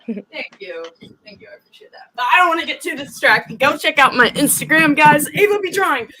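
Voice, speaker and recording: A woman's voice: high-pitched, expressive, fairly quick, bright, forceful tone. A woman hosting a livestream, chatting casually and reacting to clips with her guest. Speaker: streamer host.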